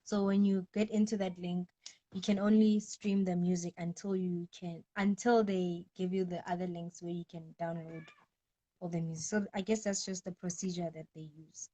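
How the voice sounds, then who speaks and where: A woman's voice: fairly low pitch, little pitch movement, moderate pace, warm tone, no room sound. A woman singer from Venda, South Africa, chatting casually in an interview and explaining things step by step with fillers. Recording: dull, dry lo-fi audio.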